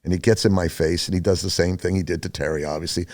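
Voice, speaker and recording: Speaking low and fast, an older man rambles through his story during a podcast interview. The talk is loose and filler-heavy with frequent restarts, and he gets animated, raising his voice to play the other people in it.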